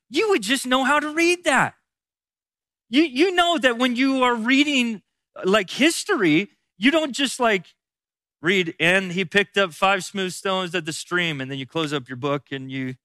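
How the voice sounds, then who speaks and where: A man with a high, bright voice leads a Bible teaching like a pastor. He speaks conversationally and repeats key phrases for emphasis, recorded close and dry. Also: sing-song, unhurried, dry recording.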